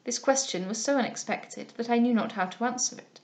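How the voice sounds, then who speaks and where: A woman narrating a classic novel in a measured, even storytelling manner. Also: a little high. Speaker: audiobook reader.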